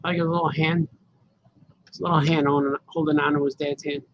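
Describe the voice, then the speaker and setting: A man's voice: a little high, level tone, a little fast, muffled recording, slight background noise. A man cartoonist chatting casually to viewers as he colors his comic pages, rambling as he works. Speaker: cartoonist livestreaming his drawing. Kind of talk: casual live commentary while drawing.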